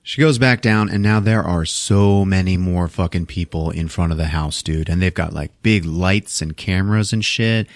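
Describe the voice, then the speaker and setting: A man's voice: low-pitched, normal speed, hardly any pauses, no echo. A man casually recapping a movie on a podcast, swearing a lot and acting out the characters' lines in put-on voices. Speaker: podcast host recapping a film.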